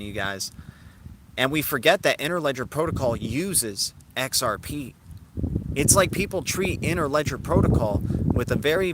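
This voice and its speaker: A man's voice: medium pitch, noisy background. A man hosting a casual live stream, talking through ideas and answering viewers in the chat. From Cuban heritage. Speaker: crypto livestream host.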